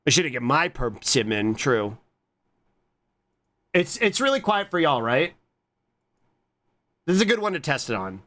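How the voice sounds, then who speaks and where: A man streaming and chatting casually with his viewers, excitable and swearing often. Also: a little slow, pauses often. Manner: excitable, swears a lot, jumps to squeaky high greetings.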